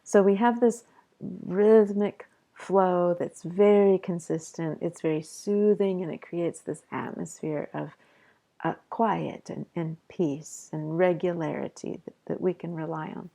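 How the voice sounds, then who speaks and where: A middle-aged woman professor talks through a poem in a loose, thinking-aloud lecture. Her voice sits low and carries a gravelly fry. Her tone is mellow and dark, never sharp. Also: takes it slowly. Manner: relaxed explanatory talk with fillers and restarts. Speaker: college professor. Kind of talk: literature lecture.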